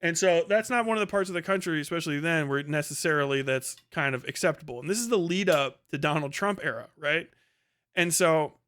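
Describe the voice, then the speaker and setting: A man's voice: on the high side, a bit bright. A male livestream host telling a rambling, profane story in a casual way, with lots of filler words.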